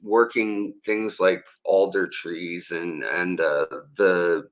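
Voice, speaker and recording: Man, livestream host, fairly low voice, casual chat, rambling with lots of fillers. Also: fairly even intonation, rough recording. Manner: rambling, halting, with many fillers and restarts; reads viewer comments aloud and answers them.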